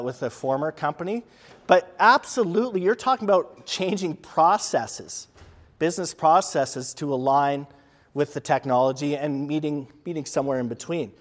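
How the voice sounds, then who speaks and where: A man giving a conversational leadership lecture to an audience, emphatic and given to repeating words for stress. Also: on the high side. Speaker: presenter. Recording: long reverb of a large hall.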